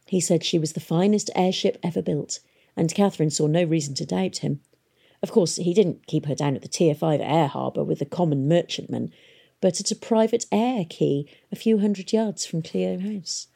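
A woman narrating an audiobook in a steady, expressive storytelling manner. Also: on the low side, moderate pace, gravelly, husky.

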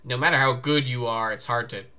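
A man's voice: mid-range voice, brisk, sharp tone, lo-fi sound. A man co-hosting a casual podcast, laughing often and rambling. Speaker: podcast co-host. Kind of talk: casual chat.

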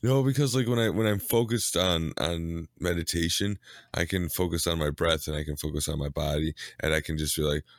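Deep voiced dude chatting, jokey and keen, no room sound at all. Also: male voice, dry recording, studio quality. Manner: eager, laughs easily, quick to joke. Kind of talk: casual chat.

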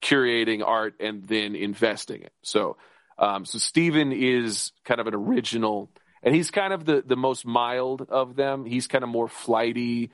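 A man co-hosting a podcast in casual chat, talking in an excited, rambling way with many restarts and laughs. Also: medium pitch, measured pace, no echo. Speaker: podcast co-host.

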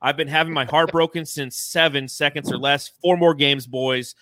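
Excited man with a bright, dry voice. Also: fairly high pitch, normal speed, no echo. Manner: excited, swears freely, reads donations aloud. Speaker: podcast host. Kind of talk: casual fan podcast chat.

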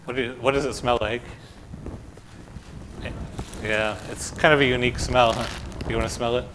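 A man's voice: medium pitch, steady tone, moderate pace, noisy background. A man pastor reading the gospel, then giving a conversational children's sermon full of questions in a church. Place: church sanctuary.

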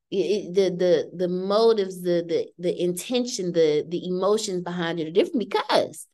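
A woman in her thirties hosting a podcast discussion, lively and acting out what others said. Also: fairly low pitch, normal speed, hardly any pauses. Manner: animated, acts out quoted voices. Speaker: podcast host. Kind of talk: casual group discussion.

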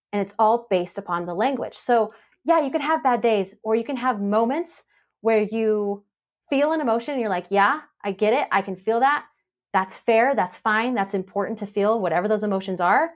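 A woman on a podcast, coaching and telling a story with lively quoted voices. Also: mid-range voice, moderate pace. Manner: animated storytelling, acts out quoted dialogue. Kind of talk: casual podcast conversation.

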